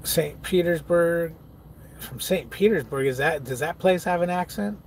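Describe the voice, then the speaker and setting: Chatty, slightly high-voiced man. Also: measured pace, slight background noise. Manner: loose and chatty, swears freely, laughs often; reads viewer comments aloud and answers them. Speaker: truck driver streaming live. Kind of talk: casual live-stream chat reading.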